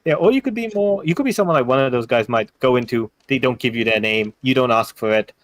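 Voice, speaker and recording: A young man with an Indian English accent talks as a dungeon master, loose and rambling, full of restarts and throwaway jokes. His voice sits at a middle pitch. The sound is dry and close, with little room. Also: animated, fast, no echo. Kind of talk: casual tabletop game planning.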